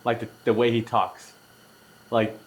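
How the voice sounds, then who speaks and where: A man with a mid-pitched, ordinary voice who chats casually on a podcast. He teases the others with dry jokes and talks about his son. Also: little pitch movement, measured pace. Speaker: podcast co-host, a father. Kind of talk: casual chat.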